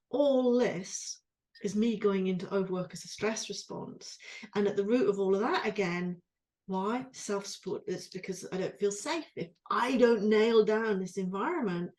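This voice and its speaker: A woman's voice: mid-range voice, a little mellow. Rambling, emotional woman co-host. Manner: rambling, self-interrupting, emotional. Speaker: podcast co-host. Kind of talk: reflective conversational chat.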